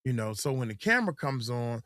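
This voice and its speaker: A man's voice: medium pitch, very animated, brisk, sharp tone, no room sound, studio quality. A middle-aged man, chatting loosely as a coach and host, often acting out quotes in mocking voices. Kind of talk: casual livestream chat.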